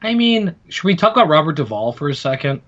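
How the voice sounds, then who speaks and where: A man's voice: a little high, very animated, quick pace, a bit bright. Man, podcast co-host, casual chat, enthusiastic, repeats words, dull lo-fi sound. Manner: chatty, enthusiastic, repeats words when starting.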